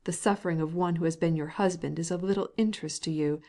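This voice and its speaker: A woman's voice: steady tone, quick pace, warm tone, lightly acted. A woman voicing a stern, cold middle-aged husband with a piping voice who speaks angrily and stammers when upset. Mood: angry. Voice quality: piping, high-strung.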